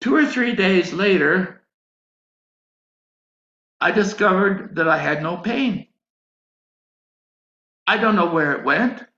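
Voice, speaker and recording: A man's voice: high voice, expressive, takes it slowly, long pauses, pushed and bright. A man preaching a sermon, telling a personal story and acting out his own prayers. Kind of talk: sermon testimony. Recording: echoey, dull lo-fi sound.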